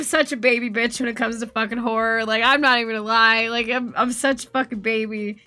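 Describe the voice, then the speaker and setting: A woman's voice: fairly high pitch, fairly even intonation, fairly quick, hardly any pauses, pushed and bright, no room sound, faint music behind. A woman streamer chatting casually, telling rambling stories and swearing a lot. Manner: profane, rambling storytelling. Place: home streaming setup.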